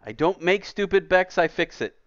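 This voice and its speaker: A man's voice: sits high, lively intonation, moderate pace, a bit bright, no room sound. A man streaming a game who rants in an exasperated, emphatic casual way from his computer, on a dull lo-fi recording. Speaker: gaming streamer. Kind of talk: casual ranting commentary while gaming. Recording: dull lo-fi dry sound.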